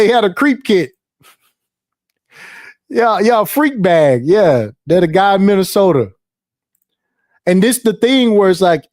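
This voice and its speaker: A man hosting a live stream, talking in a casual, animated, profane and rambling way. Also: high voice, no echo, clean studio sound. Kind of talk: casual livestream commentary.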